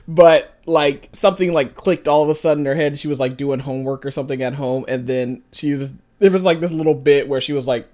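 A young woman co-hosting a casual movie review chat, giggling often and acting out quotes in high voices. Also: fairly quick, a little mellow. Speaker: co-host.

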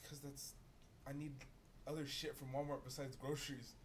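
A man's voice: mid-range voice, fairly even intonation, a little fast, slight background noise. A young man telling a long story to friends in a casual chat. He rambles, swears a lot and laughs at his own tale.

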